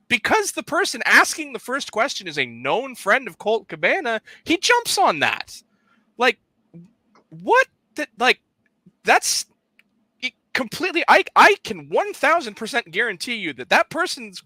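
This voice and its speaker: A man talks fast and emphatically on a podcast, rambling through restarts. His voice sits high and swings widely, with a very bright edge. The sound is dry and close. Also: dry recording. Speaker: podcast co-host. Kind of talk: casual wrestling chat.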